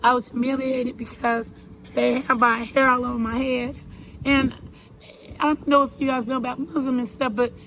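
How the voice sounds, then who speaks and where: A woman telling her own story to an interviewer in an earnest, halting way, repeating herself and restarting her sentences. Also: high-pitched, level tone, a bit bright, rough recording. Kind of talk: personal account in an interview.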